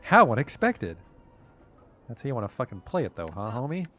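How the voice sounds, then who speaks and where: A man's voice: medium pitch, sing-song, racing. A man streaming a video game, commenting sarcastically and swearing casually. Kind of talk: let's play commentary. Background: faint game music.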